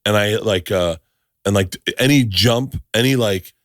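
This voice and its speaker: Brief: middle-aged male podcast host, lowish voice, bursts into excited profane anecdotes, dry close mic. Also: unhurried, no echo. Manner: animated storyteller, swears freely, restarts sentences. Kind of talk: casual chat.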